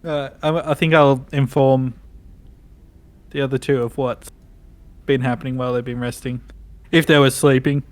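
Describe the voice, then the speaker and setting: A man's voice: medium pitch, flat delivery, moderate pace, pauses often. Guy at a tabletop game, kinda unsure, talks things through, middle voice. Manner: hesitant, thinking aloud. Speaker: player. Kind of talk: casual tabletop game chat.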